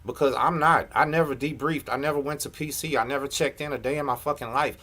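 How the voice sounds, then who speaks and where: A man's voice: fairly high pitch, fairly even intonation, fast, sharp tone. A middle-aged man, hosting a live reaction and ranting at a rival, confrontational and profane. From Texas. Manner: confrontational, profane, repeats "you know what I'm saying". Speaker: host of a prison story channel. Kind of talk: heated live reaction rant.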